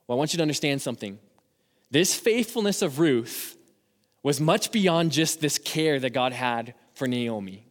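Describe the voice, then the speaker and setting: A man's voice: mid-range voice, expressive, normal speed, big-room sound. A man preaching a sermon as a youth pastor, emphatic and rising to urgent exhortation.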